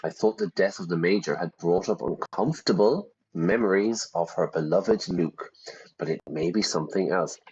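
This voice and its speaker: A man with a low, slightly mellow voice and a breathy edge speaks at a moderate pace. He's giving a casual vocabulary lesson over gameplay, chatting through English words and explaining them with everyday examples. The recording sounds dull and lo-fi.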